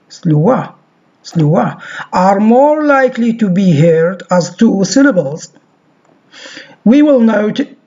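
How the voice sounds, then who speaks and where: Man lecturing on phonetics super slowly, says each example word again and again, dull muffled recording. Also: a little high, darkish tone, husky. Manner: reads from a textbook and repeats example words over and over.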